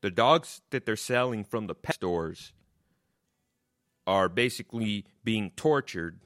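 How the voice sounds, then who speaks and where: A man's voice: lowish voice, expressive, takes it slowly, a bit bright. Swearing man on a comic rant. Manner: mocking, swears constantly, repeats insults. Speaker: comedian.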